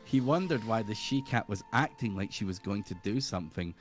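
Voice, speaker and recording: 抑揚豊かな若い男性の朗読. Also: male voice, fairly low pitch, lively intonation, fairly quick, faint music behind. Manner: amused, chuckling narration. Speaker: reader of an old role-play. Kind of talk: reading old role-play text aloud.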